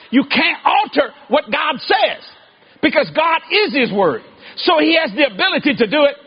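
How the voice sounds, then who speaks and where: A middle-aged man preaching a sermon in an animated storytelling way, shouting and laughing as he goes. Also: very high-pitched, slightly rough. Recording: dull lo-fi recording.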